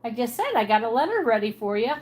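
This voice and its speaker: A woman's voice: fairly high pitch, big pitch swings, fast talker, a little mellow. Chatty woman with Pennsylvania Dutch twang. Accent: Pennsylvania Dutch with a Southern twang. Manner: chatty, answers chat comments aloud. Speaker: livestreamer. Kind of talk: casual livestream chat. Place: her apartment at night.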